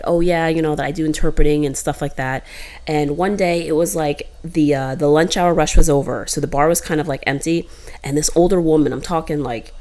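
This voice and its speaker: A woman with a lowish voice chatting casually as a co-host. She tells stories in animated bursts, jumping her voice up when she quotes other people. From United States. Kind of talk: casual chat.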